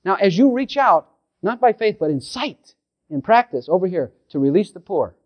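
A man's voice: high voice, very animated, moderate pace. Fervent male preacher, lo-fi recording. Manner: fervent, rising emphatically into quoted prayers. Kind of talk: sermon. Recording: dull lo-fi recording.

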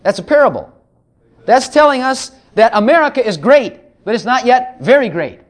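A man's voice: very high voice, expressive, moderate pace. A man preaching a sermon, joking between passages of scripture he reads aloud. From Texas.

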